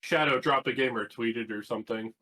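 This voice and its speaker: A man's voice: mid-range voice, quick pace, bright, forceful tone. Casual man hosting a podcast. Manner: casual, swears, many fillers. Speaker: podcast host.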